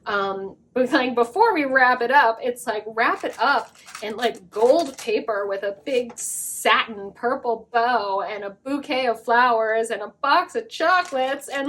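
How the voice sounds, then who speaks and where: A woman's voice: a little high, unhurried, a bit bright. Effusive woman giving a tarot reading. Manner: effusive and rambling, many fillers; breaks into giggles. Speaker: tarot card reader. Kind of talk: casual spiritual reading to viewers.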